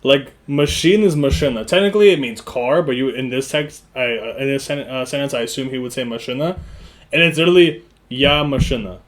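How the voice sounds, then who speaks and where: A laid-back man hosts a reaction video, chatting casually at a mid pitch and padding his sentences with "like" fillers. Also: a little fast. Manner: relaxed, filler-heavy. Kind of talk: casual chat.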